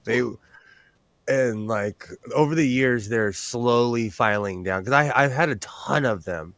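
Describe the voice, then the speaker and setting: A man's voice: mid-range voice, unhurried, fairly bright tone, dry recording. Rambling, self-mocking man with a dry close sound. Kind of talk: casual chat.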